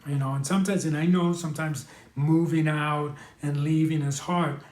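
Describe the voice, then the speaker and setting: A man from New hosts a live stream, talking candidly and earnestly with many fillers and restarts. His voice sits a little high for a man. The room gives the sound a clear echo. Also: steady tone, moderate pace, darkish tone. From New York. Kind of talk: casual live-stream advice talk.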